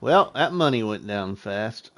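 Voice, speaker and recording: A middle-aged man hosting a live game stream, chatting casually with viewers in an easygoing way while he thinks out loud. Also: fairly low pitch, animated, measured pace, a little hiss or hum. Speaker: live-stream gaming host.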